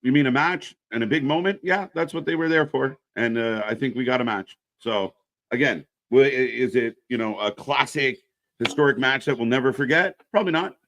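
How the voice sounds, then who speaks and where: A man's voice: mid-range voice, brisk, fairly bright tone. A man co-hosting a wrestling live stream, in casual, profane chat that reacts to the action and answers viewers.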